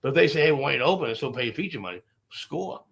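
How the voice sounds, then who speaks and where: Fast-talking gravelly comedian. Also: male voice, mid-range voice. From Boston. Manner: profane, animated, rambling anecdotes. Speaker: stand-up comedian guest. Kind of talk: casual storytelling interview.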